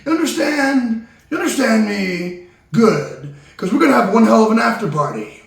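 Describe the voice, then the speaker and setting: A male host rants and curses in a wildly animated voice that jumps around in pitch. He talks from some distance to the mic. The room rings with a lot of echo. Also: moderate pace, vocal fry. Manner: loud, excitable, cursing, swings between ranting and sentimental. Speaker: talk show host. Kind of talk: comedic talk show rant.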